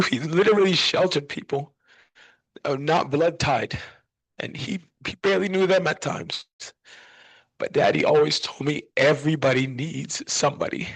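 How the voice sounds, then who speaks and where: A man speaking as a son at a memorial service, giving an emotional, halting eulogy. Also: a little high, dry recording, poor audio. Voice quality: gravelly.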